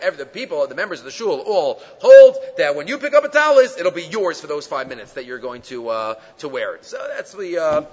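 A man teaching a Talmud class, reading the text slowly in a chant-like way, then explaining it in conversational English with fillers and rhetorical questions. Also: fairly high pitch, in a large hall, lo-fi sound.

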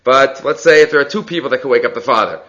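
A man's voice: mid-range voice, fast, pushed and bright. A man teaching a Talmud class, reading Aramaic lines aloud and explaining them in casual English. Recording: slightly dull lo-fi recording.

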